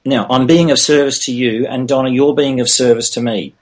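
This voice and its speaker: A man's voice: mid-range voice, fairly even intonation, fairly quick. A man talking earnestly as a guest in an interview, with frequent restarts. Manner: earnest, many restarts and "you know". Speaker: podcast guest. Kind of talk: casual interview talk.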